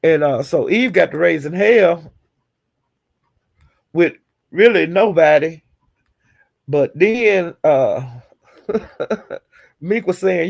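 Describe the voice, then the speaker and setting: A woman's voice: lowish voice, takes it slowly, vocal fry, pauses often, darkish tone, slightly rough. A woman streamer casually retelling online drama, chatty and acting out the quotes with chuckles. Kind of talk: casual gossip storytelling.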